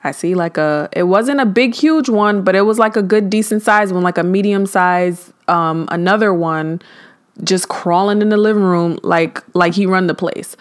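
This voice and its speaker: A young woman vlogger telling a dramatic story in a casual, animated way, acting out the voices of the people in it. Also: medium pitch, normal speed, smooth.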